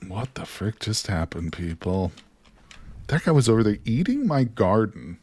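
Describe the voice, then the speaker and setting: A man with a fairly low voice plays through a survival game live. He talks straight to his viewers, dropping to mutters and then jumping into excited, jokey outbursts. A desk mic catches him as he types at his keyboard. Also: unhurried, breathy edge. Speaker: gaming streamer. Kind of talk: live gameplay commentary.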